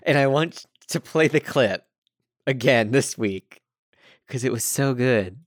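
A man's voice: mid-range voice, expressive, slow. A man co-hosting a podcast, recapping an episode with wry, dry remarks. The sound is close and dry, with no room echo. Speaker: podcast co-host. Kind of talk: casual recap chat.

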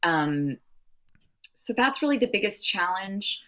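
An actress speaking in a casual interview, talking at length in a rambling way with frequent restarts. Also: female voice, medium pitch, very animated, slow pace, bright, forceful tone. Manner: long-winded, rambling with restarts.

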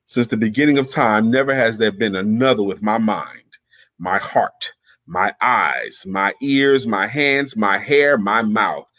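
A man's voice: on the low side, a bit bright. Upbeat man hosting a morning chat. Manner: upbeat, laughs often, slow emphatic reading. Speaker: host. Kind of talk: casual chat and reading aloud.

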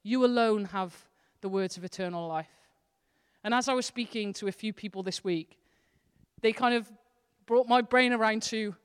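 A woman associate pastor preaches in a casual, heartfelt way, her voice smooth and resonant. Her intensity rises and falls as she speaks, and a long reverb from the church hall trails after her words. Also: mid-range voice, moderate pace. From Wales. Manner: earnest, conversational preaching with shifting intensity. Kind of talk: sermon.

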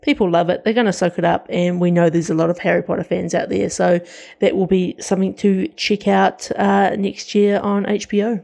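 Chatty woman with a mellow voice. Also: medium pitch, little pitch movement, normal speed, gravelly. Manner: enthusiastic, chatty, many restarts. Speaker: podcast co-host. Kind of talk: casual pop-culture chat.

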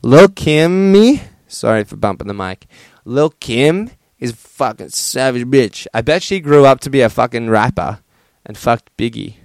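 A man's voice: medium pitch, moderate pace, creaky, hardly any pauses, no echo. Swearing, self-mocking young man podcaster. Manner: profane, self-deprecating, joking. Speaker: podcast host. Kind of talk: casual solo podcast chat.

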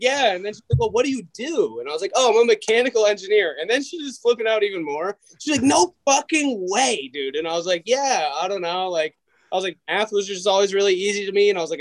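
A young man tells loose, rambling stories as a podcast guest, acting out everyone's lines as he goes. His voice sits fairly high, and the recording is dry and close. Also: animated, very fast, dry recording, low-quality recording. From Massachusetts. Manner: rambling storyteller, acts out quotes. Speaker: comedian guest. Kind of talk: casual podcast chat.

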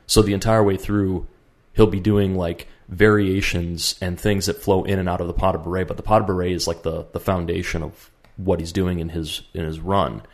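A man's voice: low voice, flat delivery, normal speed, few pauses. A man co-hosting a podcast, talking casually and rambling, with many fillers and restarts. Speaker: podcast co-host. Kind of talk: casual chat.

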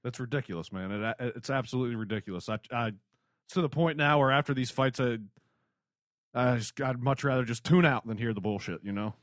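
A man's voice: mid-range voice, fairly quick, a bit bright, dry recording, clean studio sound. A man co-hosting a casual boxing podcast, blunt and opinionated, who often restarts his sentences. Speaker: podcast co-host.

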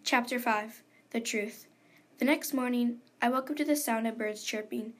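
A woman reading aloud a homemade mystery story in an earnest, unpolished way. Her voice sits fairly high, and her phrasing is simple and direct. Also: normal speed.

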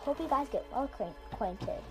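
A woman's voice: high voice, lively intonation, brisk, music in the background, pitched above the performer's own voice, low-quality recording. A woman voicing a small, mischievous male teddy bear headmaster who teases in an offhand way. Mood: teasing.

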